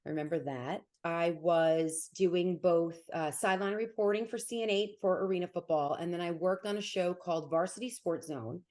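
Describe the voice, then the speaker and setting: A woman in her forties with a New Jersey accent, a sports broadcaster talking quickly and animatedly as an interview guest. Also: lowish voice, warm tone. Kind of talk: casual interview.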